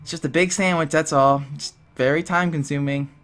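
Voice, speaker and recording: A man voicing a reluctant young female fast-food worker who answers in a flat, offhand way. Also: low-pitched, soft background music, voice pushed up, natural voice. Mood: dismissive.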